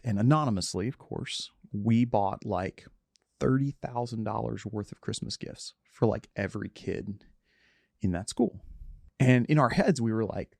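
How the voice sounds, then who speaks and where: Earnest gravelly man telling a story. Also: mid-range voice, dark tone, no echo. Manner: earnest, candid, halting with restarts. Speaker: podcast guest. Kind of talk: reflective conversational storytelling.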